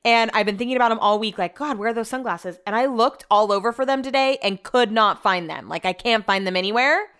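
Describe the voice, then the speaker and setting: A woman's voice: fairly high pitch, a bit bright, clean tone. A young woman hosting a podcast, telling everyday stories in a casual, rambling way with frequent laughs. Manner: chatty, rambling, quick to laugh. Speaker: podcast host. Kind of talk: casual solo chat.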